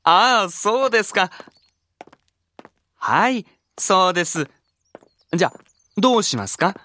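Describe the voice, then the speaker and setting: A woman's voice: mid-range voice, expressive, fairly quick, bright, forceful tone. A woman playing a polite learner in a scripted language-course dialogue, speaking in formal phone talk.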